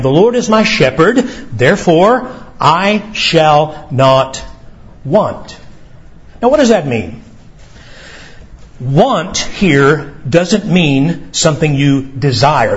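Slow, deliberate male preacher. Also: on the high side, dull audio. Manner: earnest, deliberate preaching with rising emphasis on questions. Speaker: pastor. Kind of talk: sermon.

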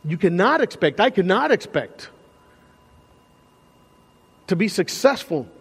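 High-voiced male pastor preaching in a hall. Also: unhurried, husky. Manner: animated, conversational preaching with repeated restarts. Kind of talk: sermon. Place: church sanctuary.

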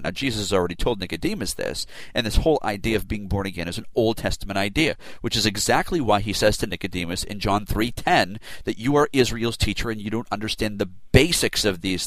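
A man with a fairly low voice delivers expository Bible teaching, leaning hard on key words and slowing down to stress them. The sound is dry and close, with no room around it. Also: dry recording. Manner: deliberate, emphatic, stresses single words.

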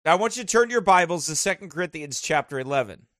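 A man preaching a sermon, rambling and excitable. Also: fairly high pitch, quick pace, dry recording, clean studio sound.

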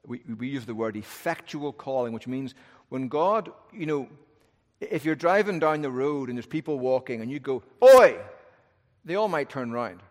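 A man's voice: expressive, normal speed. Man preaching emphatically in a reverberant hall. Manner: emphatic preaching, rising and dropping to hushed lows. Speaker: pastor. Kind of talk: sermon.

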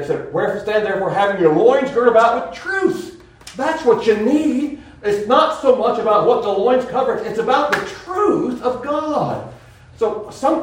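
A man preaching a sermon in an earnest, rambling way, often restarting his sentences. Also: high voice. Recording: very echoey room, voice from far off mic.

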